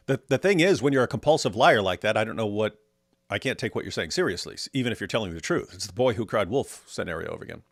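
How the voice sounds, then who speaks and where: A man's voice: fairly low pitch, fairly bright tone, no room sound, studio quality. Joking man chatting on a livestream. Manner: jokey, laughs often, many restarts. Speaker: livestream co-host. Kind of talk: casual chat reacting to viewer comments.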